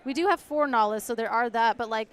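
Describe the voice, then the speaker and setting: Woman co-caster with a high voice, animated, tells stories and laughs a lot. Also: fast, clear, resonant tone. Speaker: tournament commentator. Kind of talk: casual co-commentary.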